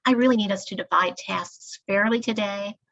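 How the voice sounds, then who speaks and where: A woman's voice: medium pitch, moderate pace, a bit bright, dull audio. A woman acting out an exhausted care worker who pleads with a coworker for help. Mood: pleading. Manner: pleading, weary.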